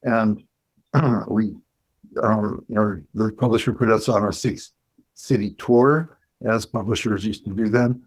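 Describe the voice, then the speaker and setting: A man, a clinical psychologist, telling a story as a guest in an interview, measured and reflective, pausing and restarting as he thinks. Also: lowish voice, steady tone, breathy edge, rough recording.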